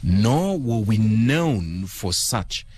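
A man's voice: lowish voice, sing-song, darkish tone, husky. A man who is a trauma counselor, speaking earnestly as a guest on a late-night radio talk show. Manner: earnest, measured, speaks of faith.

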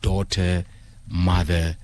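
A man's voice: low-pitched, little pitch movement, a little mellow, a little hiss or hum. A man who is a trauma counselor, speaking earnestly as a guest on a late-night radio talk show. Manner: earnest, measured, speaks of faith.

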